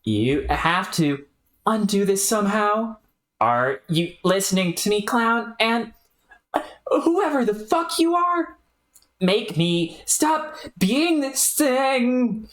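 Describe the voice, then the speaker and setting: A woman voicing a tormented, self-loathing fused creature that speaks haltingly and drags out its words. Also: medium pitch, big pitch swings, voice pushed up. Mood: desperate. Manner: drawn-out, halting, bitter speech.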